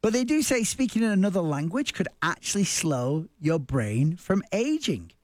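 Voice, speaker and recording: A man's voice: sits high, big pitch swings, normal speed, dry recording. A man in his forties from the north of England with a Wigan accent, talking in a chatty, self-deprecating way. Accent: Wigan, northern English. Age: 40s. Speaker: speaker. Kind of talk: casual personal monologue.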